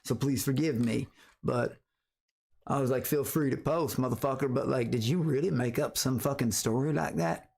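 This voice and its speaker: A man's voice: medium pitch, fairly even intonation, normal speed, gravelly, a little mellow, husky. A man hosting a live stream, talking bluntly and rambling with plenty of swearing. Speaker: streamer host. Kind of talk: casual live-stream chat.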